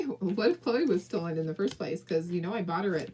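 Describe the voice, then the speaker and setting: A woman's voice: lowish voice, animated, normal speed, darkish tone, slight background noise, poor audio. Chatty, encouraging woman craft host. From southern California. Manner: chatty and encouraging, talks straight to viewers, laughs often. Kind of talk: casual crafting livestream chat.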